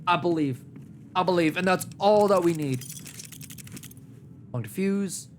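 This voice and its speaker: Commentating live on the game he's streaming, this man keeps a measured pace while his pitch swings widely. He's animated and throws joking trash talk at enemies, with a little hiss or hum audible.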